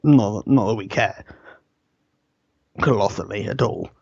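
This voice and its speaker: A man's voice: on the low side, measured pace, gravelly, a little mellow, husky, no room sound, muffled recording. A man co-hosting a casual podcast chat, trading jokes and mock threats in banter. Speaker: podcast co-host.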